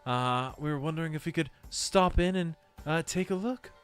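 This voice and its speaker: Brief: formal, lofty male sun elf, high and loud, voiced by a man. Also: moderate pace, smooth, soft background music, natural voice. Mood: courtly.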